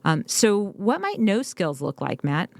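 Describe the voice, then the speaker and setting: A woman's voice: mid-range voice, huge pitch swings, measured pace, vocal fry, a little mellow, dry recording. A middle-aged woman co-hosting a parenting talk, affirming and reflective. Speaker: podcast co-host, parent.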